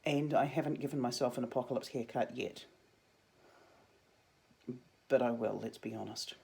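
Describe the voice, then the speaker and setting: Chatty New drama teacher, a young woman with a mellow tone, talking students through their work. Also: extremely low pitch, normal speed, gravelly. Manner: chatty, jokey asides. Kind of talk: casual video lesson to students.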